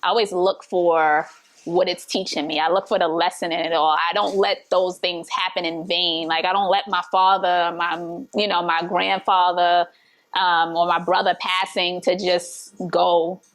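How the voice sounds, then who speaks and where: A woman's voice: fairly low pitch, flat delivery, normal speed, a bit bright. A woman hosting a casual conversation, speaking reflectively and searching for words. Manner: reflective, searching, many fillers. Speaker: host.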